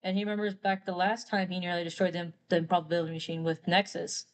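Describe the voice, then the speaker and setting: A woman's voice: fairly low pitch, flat delivery, quick pace. A woman retelling a story casually while drawing on a live stream, rambling and quoting characters with "he's like". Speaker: artist streamer.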